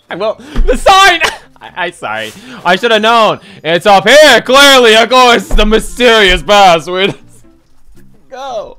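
Giggly excitable young man gaming. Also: high-pitched. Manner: giggly, excitable, self-mocking. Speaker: gameplay commentator. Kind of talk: let's play commentary. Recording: game music behind.

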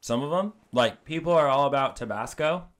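A man's voice: mid-range voice, expressive, fairly quick, fairly bright tone. A man co-hosting a podcast, chatting casually and jokingly about hot sauce and his family, sometimes talking with his mouth full. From Mexican family. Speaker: podcast co-host. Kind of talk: casual chat.

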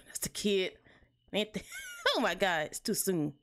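A woman's voice: medium pitch, huge pitch swings, a little slow, pauses often. Woman gamer, casual let's-play chat, playful, blunt slang. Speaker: gaming channel host.

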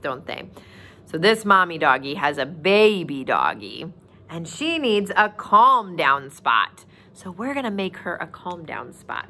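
A woman leading a virtual circle time lesson for young children from her office, speaking in a sing-song, expressive way and asking the children questions. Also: medium pitch, a little hiss or hum. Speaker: preschool teacher.

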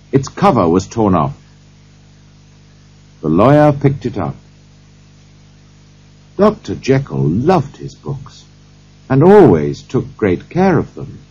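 Slow, husky male storyteller. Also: mid-range voice, warm tone. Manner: slow, deliberate reading. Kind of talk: slow audiobook reading for English learners. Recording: dull lo-fi recording.

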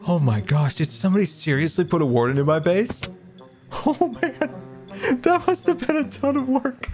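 A man giving solo gameplay commentary, excitable and full of gasps and exclamations. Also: high voice, normal speed, soft background music. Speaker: gaming video creator.

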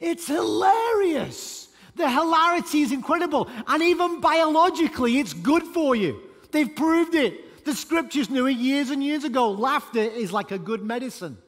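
A man preaching a sermon as pastor, emphatic and animated, with sudden loud bursts. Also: very high-pitched, normal speed. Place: church auditorium. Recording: church hall reverb.

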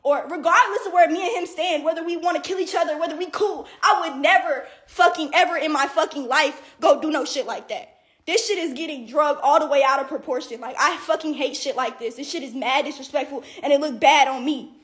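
A young woman with a very high voice, venting on a livestream in a heated rant. She swears nonstop, leans on "like" and "bro", and sounds fed up. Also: a little fast, a bit bright. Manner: heavy profanity, repeated "like" and "bro"; indignant and exasperated, with bursts of laughter.

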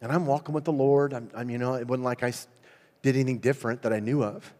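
A man preaching at a revival service, telling a story in a lively, conversational way and laughing often. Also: medium pitch, quick pace. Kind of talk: storytelling sermon. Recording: long reverb in a church hall.

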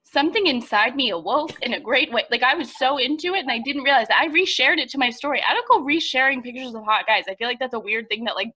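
A young woman in her twenties with a high, bright voice that swings up and down a lot as she co-hosts a casual podcast chat over a video call. She talks in a chatty, giggly way and fills her sentences with "like". Her tone is lively and expressive. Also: fast, hardly any pauses, husky. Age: 20s. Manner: chatty, giggly, uses 'like' often. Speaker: podcast co-host.

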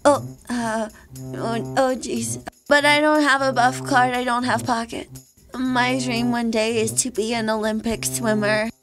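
A woman talking in an excitable, giggly way for a comic character vlog. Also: on the high side, measured pace. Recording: voice over loud background music.

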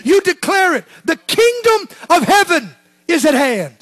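A man preaching a sermon as pastor, swinging between shouted lines and hushed, low asides. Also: very animated, a little slow, no echo.

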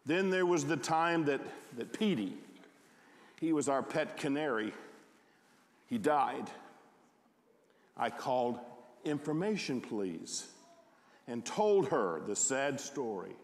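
A man telling a first-person story aloud at a concert, in a slow, reflective way. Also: medium pitch, animated. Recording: echoey hall.

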